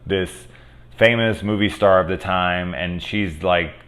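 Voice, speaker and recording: A man's voice: low voice, measured pace, a bit bright. A man casually reviewing a movie with spoilers, rambling and swearing, with lots of ums and restarts. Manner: rambling, profane, many fillers.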